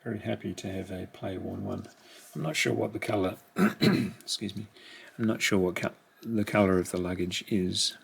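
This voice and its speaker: A middle-aged man unboxing a collection, musing quietly, half to himself, in a room at home. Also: sits low, level tone, normal speed, vocal fry, slightly rough. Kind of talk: casual unboxing commentary. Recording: rustling packaging noise behind.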